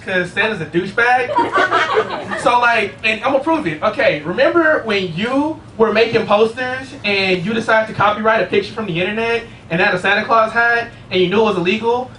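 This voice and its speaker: A young man performing a casual, profane stand-up comedy set, telling rambling stories on stage. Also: high voice. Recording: roomy, distant, noisy live room. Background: audience laughter.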